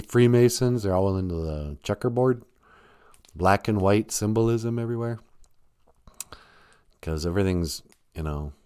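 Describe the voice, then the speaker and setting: A man's voice: low voice, darkish tone, clear, resonant tone, no room sound, clean studio sound. A man hosting a live stream, chatting casually and rambling from joke to joke, laughing often.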